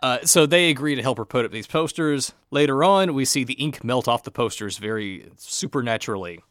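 A man's voice: mid-range voice, fairly quick, fairly bright tone, dry recording, studio quality. A man co-hosting a casual podcast, recapping a plot with a wry tone. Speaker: podcast co-host. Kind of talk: casual chat recapping a TV show.

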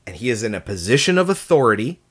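A podcast co-host talking in a measured, explanatory way during a casual film discussion. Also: mid-range voice, very animated, breathy edge.

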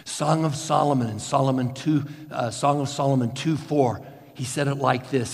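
A man preaching a sermon as a slow, guided story, swinging from loud bursts to hushed near-whispers. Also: medium pitch, fairly even intonation, vocal fry, in a large hall. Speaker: pastor.

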